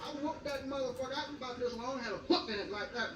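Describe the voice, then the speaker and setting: A man's voice: very high-pitched, fast. An older man doing bawdy stand-up, rambling and boastful, breaking into cackling laughs. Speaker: comedian. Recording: roomy, distant, noisy old vinyl recording.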